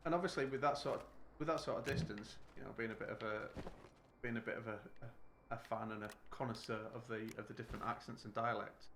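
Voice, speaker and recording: A British man chats loosely while streaming a game, circling back and restarting his sentences. His voice sits at a middling pitch. The sound is roomy, with a steady hum of background noise. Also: quick pace. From United Kingdom. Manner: rambling, full of restarts and fillers.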